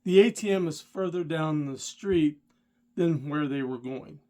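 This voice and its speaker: A middle-aged man with a somewhat high voice tells a story from his driving days in a casual vlog. He talks straight to the viewer and gets worked up and indignant as he goes. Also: unhurried, mellow. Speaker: rideshare driver and channel host.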